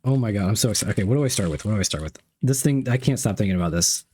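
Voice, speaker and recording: A man's voice: fairly low pitch, lively intonation, rapid-fire, mellow, slightly rough. A young man streaming live, reading chat messages aloud and unboxing gifts, playful and repeating himself.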